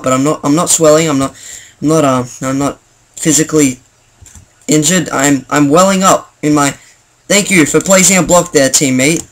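A young man commenting on his game as he plays, excitable, stammering and jokingly indignant. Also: a little high, slight background noise. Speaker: gaming channel host. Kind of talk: gameplay commentary.

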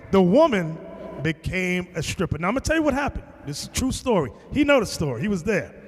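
Man, preacher, storytelling sermon, high lively voice, reverberant hall. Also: fast talker. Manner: animated storytelling, acting out quotes, shouting at times. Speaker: teacher.

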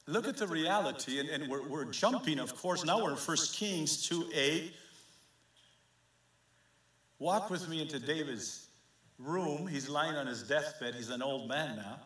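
A man pastor preaching an impassioned sermon, swinging between hushed and fervent passages. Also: fairly high pitch, unhurried. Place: church sanctuary. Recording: echoey church sanctuary.

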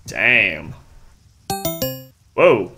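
A man's voice: fairly low pitch, sing-song, very slow, vocal fry, bright, forceful tone, husky, faint music behind. A man casually chatting and joking while he streams a video game, talking to his chat and a friend. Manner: joking, loose, talks to chat while playing.

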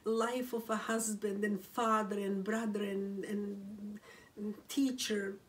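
Grieving woman speaking slowly, distant mic. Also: medium pitch, little pitch movement. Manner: halting, with frequent restarts and whispered phrases. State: grieving, close to tears. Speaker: widow telling a personal story. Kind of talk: emotional first-person storytelling. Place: room at home, seated.

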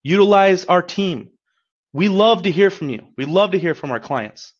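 A man's voice: sits high, animated, moderate pace, lo-fi sound. A man giving a webinar as a coach, talking in an upbeat, encouraging, conversational way, often checking in with "right?". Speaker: credit repair coach. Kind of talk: webinar presentation.

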